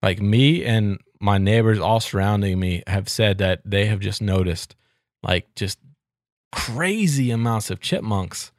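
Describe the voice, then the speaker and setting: A man's voice: fairly low pitch, measured pace, no echo, clean studio sound. A man, co-hosting a podcast in a chatty way and laughing easily. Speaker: podcast co-host. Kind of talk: casual chat.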